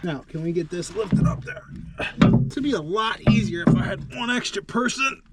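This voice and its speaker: A man's voice: high-pitched, animated, normal speed, a loud crowd. A man giving casual running commentary while repairing farm machinery, joking and poking fun at himself as he thinks aloud. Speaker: farm vlogger doing equipment repairs. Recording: noisy shop background.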